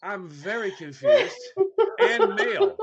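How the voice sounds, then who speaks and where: A man's voice: extremely high pitch, huge pitch swings, slow pace, vocal fry, muffled recording, crowd noise. A man comically retelling an exasperating story, laughing as he talks with mock bewilderment. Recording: audience noise behind.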